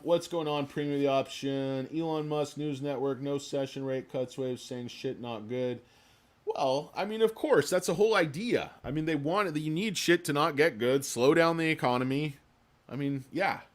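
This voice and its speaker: A man's voice: on the high side, moderate pace. A man hosting a livestream in casual chat, rambling and joking with lots of swearing. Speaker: livestream host.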